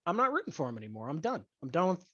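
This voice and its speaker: A podcast host in a profane sports rant, angry, crude and blunt, stressing key words with deliberate emphasis. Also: mid-range voice, big pitch swings, sharp tone, husky, dry recording. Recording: dull lo-fi dry recording.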